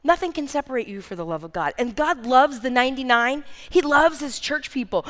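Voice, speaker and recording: A woman's voice: high-pitched, expressive, brisk, hardly any pauses, a bit bright. A woman in her thirties preaching a sermon, earnest and emphatic, repeating key phrases. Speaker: speaker preaching. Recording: long reverb of a large hall.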